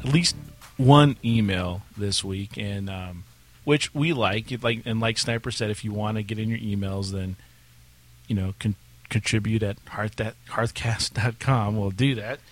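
A man co-hosting a casual gaming podcast, rambling with restarts and reading out a listener email. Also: lowish voice. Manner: rambling, restarts, laughs, then reads dramatically. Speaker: podcast co-host.

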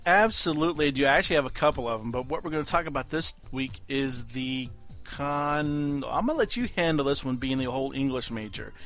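A man co-hosting a casual gaming podcast, telling stories in a relaxed, chatty way with fillers. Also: mid-range voice, a little fast, soft background music. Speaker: podcast co-host.

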